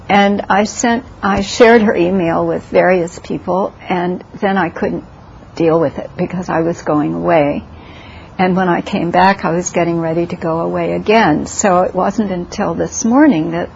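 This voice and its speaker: A woman meditation teacher gives a casual talk, pausing often with ums and restarting her sentences. Her voice has a gravelly fry. The recording sounds dull and lo-fi, with faint hiss. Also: mid-range voice, a little mellow. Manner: hesitant, with many ums and restarts.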